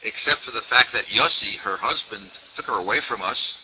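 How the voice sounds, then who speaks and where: A man's voice: lowish voice, brisk. Older man telling a story, dull recording. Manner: repeats words for emphasis, lively storyteller. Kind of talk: storytelling sermon. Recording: dull lo-fi recording with faint noise.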